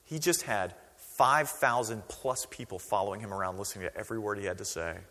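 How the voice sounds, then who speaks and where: A man preaching a sermon as pastor, conversational and animated, acting out quoted voices. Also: on the low side, fairly quick, big-room sound.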